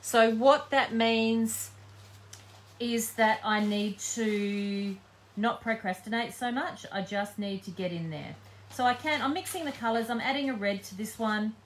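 A woman with a slightly high voice talks her viewers through a live painting tutorial, relaxed and chatty, with plenty of ums as she thinks aloud. A faint hum sits behind her. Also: measured pace. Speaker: craft demonstrator.

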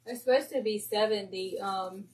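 A woman hosting a crafting livestream, chatting casually and easily while she works. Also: medium pitch. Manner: easygoing, chatty, quick to laugh.

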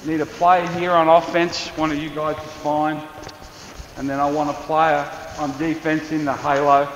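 A male basketball coach with an Australian accent, running an on-court clinic with quick, encouraging instructions to players. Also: on the high side, little pitch movement, fairly bright tone, slight background noise. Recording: echoey gym, dull lo-fi sound. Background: balls bouncing, faint gym ambience.

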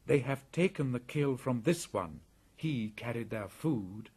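A man voicing Mowgli, a proud, fierce boy raised in the jungle, speaking in a lively, commanding way. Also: mid-range voice, a little slow, breathy edge, voice pushed up. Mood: earnest.

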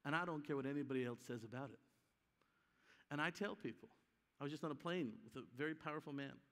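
A man's voice: a little high, fast talker, a bit bright. A man preaching a conference sermon with emphasis, acting out the voices of people in his story. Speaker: guest preacher. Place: church hall. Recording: live hall with long reverb.

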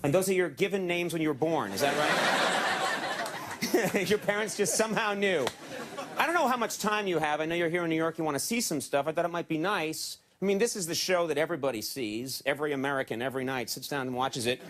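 A man hosting a late-night talk show, leading a brisk, joking backstage tour of the TV studio with mock-bossy banter. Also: fairly high pitch. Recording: loud crowd and noisy ambience.

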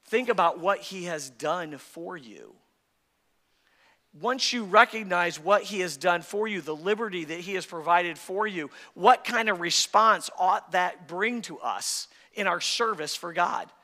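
A man's voice: sits high, unhurried, bright, forceful tone, big-room sound. A male pastor preaching a sermon with great passion, his voice rising and dropping, recorded in a church sanctuary.

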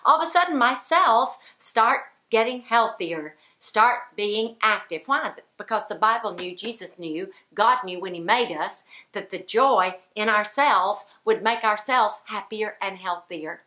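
A woman's voice: fairly high pitch, bright, forceful tone. A middle-aged woman preaching a sermon to women, emphatic and repetitive, with bursts of forced laughter. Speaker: speaker at a women's ministry gathering.

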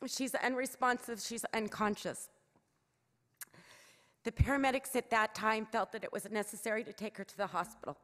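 A woman's voice: a little high, fairly even intonation, normal speed, fairly bright tone. A middle-aged woman, giving an emotional, urgent public comment at a council meeting through a podium microphone. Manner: earnest, urgent, emotional pleading. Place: city council chamber. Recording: echoey council chamber.

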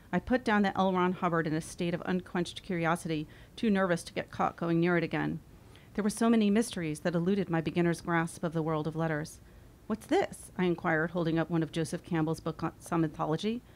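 A woman in her forties reading her own memoir aloud, wry and expressive. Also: on the low side, a little fast. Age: 40s. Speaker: author.

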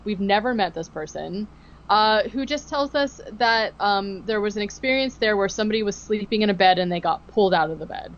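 A woman podcast co-host chats casually as she recaps an episode, mid-pitched, slipping into acted-out quotes and peppering her talk with "like" and "um". The recording sounds a little dull and lo-fi. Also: slight background noise. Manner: animated storytelling, acting out quotes, many fillers like "like" and "um".

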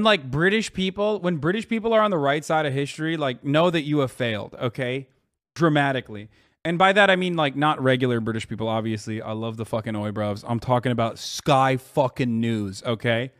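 A man hosting a live stream, giving excitable, profane reaction commentary. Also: medium pitch, brisk, no echo, studio quality.

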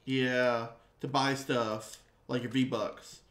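A man's voice: mid-range voice, level tone, very slow, a bit bright. A man hosting his game stream, chatting easily with friends and laughing often. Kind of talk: casual gaming banter. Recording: echoey room with faint noise.

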